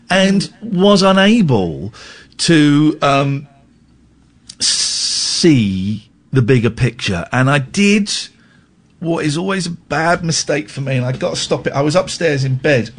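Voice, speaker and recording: A middle-aged Englishman hosts a radio phone-in, speaking into a studio microphone. His voice is slightly husky and his pitch rises and falls a lot as he tells a candid, self-deprecating story. He stammers and restarts as he goes. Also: very animated, a little slow. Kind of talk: candid talk-radio monologue.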